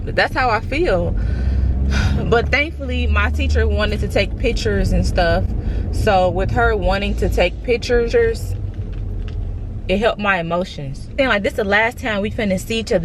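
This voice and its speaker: A young woman vlogging from a parked car, telling her story to the camera in a casual, repetitive, excited way and addressing her viewers directly. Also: medium pitch, background noise.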